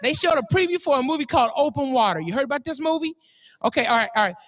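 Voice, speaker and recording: High, bright-voiced excitable comedian man. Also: rapid-fire. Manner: excitable, profane, laughing storyteller. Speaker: stand-up comedian. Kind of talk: stand-up comedy routine.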